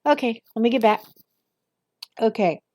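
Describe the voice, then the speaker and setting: A woman reading a text aloud slowly, stumbling over words and breaking off for quick casual asides. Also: a little high, lo-fi sound. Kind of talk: halting read-aloud with asides.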